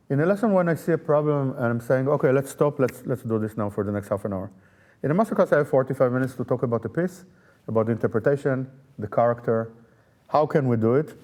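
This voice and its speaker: A man's voice: mid-range voice, a little mellow. A man, a festival artistic director and pianist, answering interview questions thoughtfully, with frequent fillers and repeated words.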